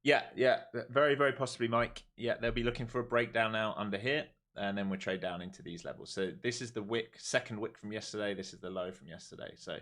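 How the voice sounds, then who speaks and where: A man streaming his day trading live, talking through charts calmly and then groaning and swearing at the market when it moves against him. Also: fairly low pitch, quick pace, few pauses. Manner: swings from calm chart talk to exasperated outbursts at the market.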